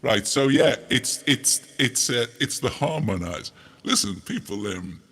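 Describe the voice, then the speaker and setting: A man rambles through a playful demo, his voice processed by a harmonizer pitch effect. He talks slowly with a husky edge and a lively, bouncing pitch. He keeps mocking himself as he goes. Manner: joking, rambling, self-mocking. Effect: voice run through a harmonizer pitch effect. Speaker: host demonstrating audio effects. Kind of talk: casual demo chat with playful joking.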